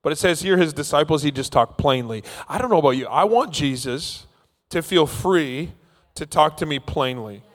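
A man's voice: fairly high pitch, animated, normal speed. A man preaching a sermon, telling stories playfully and acting out the scenes. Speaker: pastor. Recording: long reverb of a large hall.

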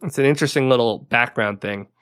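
A man's voice: medium pitch, fast, fairly bright tone, smooth. A man co-hosting a podcast, casually recapping a TV episode with lots of "like" and frequent laughs. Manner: chatty, laughs often, leans on "like" a lot. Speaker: podcast co-host.

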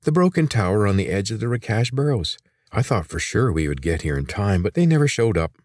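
A man voicing a sharp-tongued teenage girl inventor in a read-aloud story, blunt and sarcastic. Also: lowish voice, very animated, brisk, no echo, studio quality, voice pushed up. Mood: brisk, impatient.

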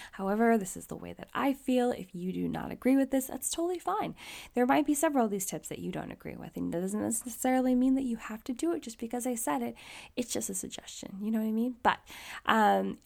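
A woman's voice: a little high, gravelly, a little mellow. A woman talking casually and candidly, giving encouraging fitness advice as a vlogger.

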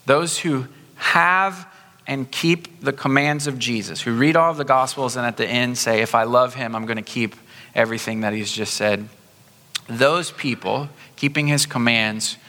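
Bright-voiced male pastor in reverberant church. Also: medium pitch. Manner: conversational, slows down for emphasis. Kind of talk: sermon. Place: church sanctuary.

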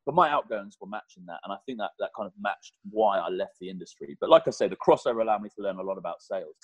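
Guest: quick, husky man in his thirties, lively chatty delivery, dry sound. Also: lowish voice, no room sound, rough recording. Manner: animated, chatty, swears mildly. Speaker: guest, personal trainer. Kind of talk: podcast conversation.

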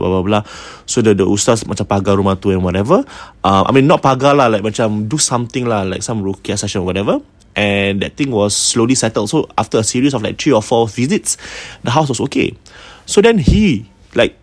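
A man's voice: fairly low pitch, no room sound. A man with a Malaysian English accent casually retelling a ghost story, chatty and slipping Malay words into his talk. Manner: chatty, code-switching with Malay words and slang.

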